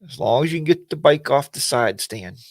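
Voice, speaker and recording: Gravelly, folksy livestream host. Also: male voice, mid-range voice, expressive, brisk, no echo. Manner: rambling, folksy, greets viewers by name. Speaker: host of a weekly livestream chat. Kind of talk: casual livestream chat.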